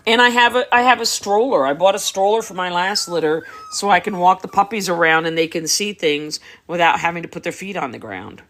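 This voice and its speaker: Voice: mid-range voice, fairly quick, few pauses, fairly bright tone. A dog breeder chatting casually on a live stream, explaining things at length in an easygoing way. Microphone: phone or device on a live stream.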